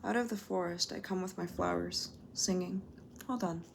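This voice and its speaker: Woman reading poetry out loud at home, lowish voice with some fry, takes her time on each word. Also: steady tone, slight background noise. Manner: measured, lingering on single words. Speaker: poetry reader. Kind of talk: reading poems aloud at home.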